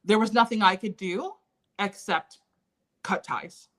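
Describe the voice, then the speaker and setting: A woman's voice: medium pitch, measured pace, fairly bright tone. Earnest woman sharing a personal story. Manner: candid, earnest, recounting painful memories. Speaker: interview guest.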